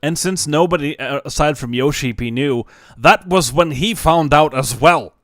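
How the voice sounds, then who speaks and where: A man's voice: fairly high pitch, normal speed, fairly bright tone, no echo, clean studio sound. A young man chatting casually on a game stream, swearing freely and laughing often. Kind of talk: casual live stream chat.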